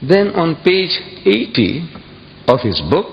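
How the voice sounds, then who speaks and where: A man's voice: sing-song, slow, vocal fry. Emphatic man speaking in an echoey hall. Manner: emphatic, repeats phrases, sudden high exclamations. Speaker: public speaker addressing an audience. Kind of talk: impassioned public speech. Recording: dull echoey hall recording with faint hiss.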